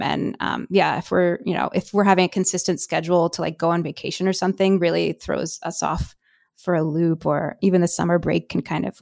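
A woman's voice: fairly low pitch, vocal fry, a little mellow, dry recording, clean studio sound. A woman guest talking candidly in a casual conversation about parenting, with many fillers and laughs.

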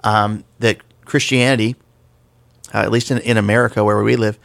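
A man's voice: on the low side, little pitch movement, normal speed, creaky, a bit bright, dry recording. A man co-hosting a casual podcast discussion about faith, explaining things conversationally with the odd self-deprecating joke. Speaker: podcast co-host.

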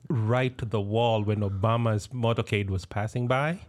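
A man's voice: lowish voice, steady tone, normal speed. A man from Kenya with a Kenyan accent chatting casually, chiming in briefly and laughing easily. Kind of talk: casual chat.

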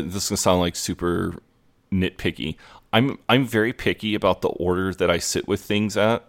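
A man's voice: deep voice, fairly bright tone. A man co-hosting a podcast, recapping an episode in casual chat, rambling with lots of fillers. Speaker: podcast co-host.

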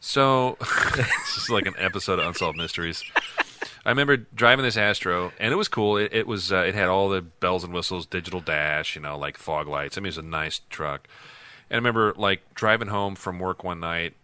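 A man in his thirties co-hosting a podcast, telling a story in an animated, laughing way. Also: low-pitched, a little fast, clear, resonant tone, no room sound. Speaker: podcast co-host. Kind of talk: casual storytelling chat.

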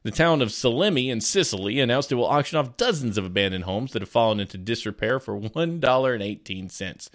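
A man's voice: mid-range voice, animated, fast, few pauses. A man co-hosting a podcast, reading a news story aloud and chatting casually, laughing often as he tells stories. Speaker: podcast co-host.

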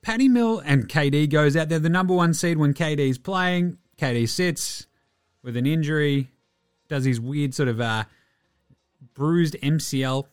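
An Australian man hosting a sports podcast, ranting in a profane, animated, mocking way. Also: a little high, unhurried, clean tone. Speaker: podcast host. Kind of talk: opinionated sports podcast rant.

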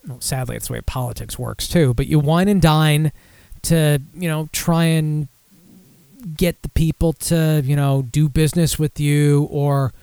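Dry, higher-voiced podcast host. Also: male voice, steady tone, unhurried, creaky, dark tone, smooth, no echo. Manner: loose, profane, sarcastic asides. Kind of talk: casual chat, reading news aloud.

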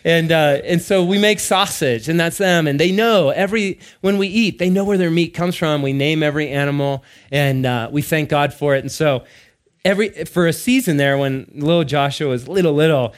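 A man in his thirties or forties preaching, telling family stories with laughter and animated bursts. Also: on the high side, normal speed. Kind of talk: sermon-style storytelling.

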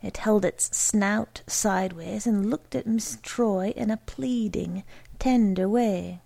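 A woman narrates a comic story in a dry, wry way. Her voice has a gravelly fry, and she reads unhurriedly. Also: mid-range voice, slow, warm tone. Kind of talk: storytelling reading.

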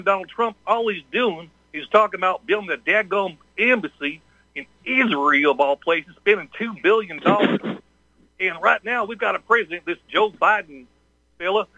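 A man's voice: high-pitched, pushed and bright, no room sound, muffled recording, heavily acted. A man putting on a Texan accent as an indignant rural caller, ranting in a folksy drawl. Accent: put-on Texan.

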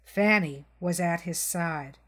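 A woman's voice: lowish voice, takes it slowly, fairly bright tone. Woman reading a crime story aloud. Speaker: reader. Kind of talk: audiobook narration of a crime short story.

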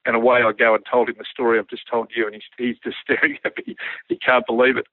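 Gravelly Australian man over a phone line. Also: mid-range voice, fast talker, no echo. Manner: animated yarn-spinning, acts out quoted dialogue. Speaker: guest, former army helicopter pilot. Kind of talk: storytelling anecdote on radio. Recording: narrow phone-like radio line, dry.

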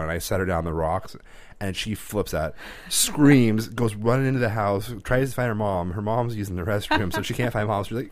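A man's voice: on the low side, normal speed, dry recording. A man co-hosting a podcast, telling rambling family stories in casual chat with restarts and laughs. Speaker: podcast co-host.

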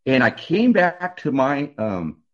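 A man telling his personal testimony as a radio guest, in an earnest, halting way with many restarts. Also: medium pitch, big pitch swings, fairly bright tone, lo-fi sound.

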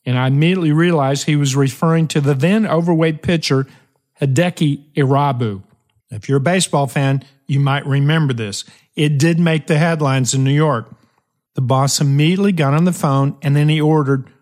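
A man hosting a motivational podcast, telling a story emphatically with dramatic pauses and shifting pace. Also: a little high, darkish tone. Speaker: podcast host.

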